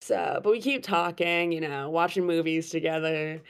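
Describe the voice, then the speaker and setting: A young woman telling a story in casual chat, animated and laughing, with plenty of fillers. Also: deep voice, moderate pace, clear, resonant tone. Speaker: guest storyteller.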